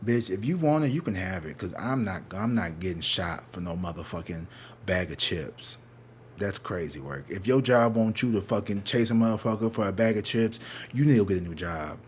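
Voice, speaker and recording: A man with a St. Louis accent telling a swearing-heavy story, casual and animated, acting out what other people said. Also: low-pitched, moderate pace, slight background noise. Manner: profane, animated, acts out other people's lines. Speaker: tarot reader telling a story.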